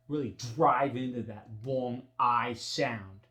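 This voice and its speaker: Slow-talking man coaching an accent. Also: medium pitch, reverberant. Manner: upbeat teacher, loudly exaggerating example words. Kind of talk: dialect tutorial.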